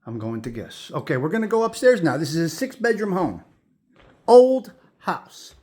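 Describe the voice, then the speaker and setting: Walking from room to room inside an old house, a male host leads viewers on a tour, speaking with admiration and repeating his words. His voice sits a little high with big swings in pitch, and he talks quickly in a darkish tone.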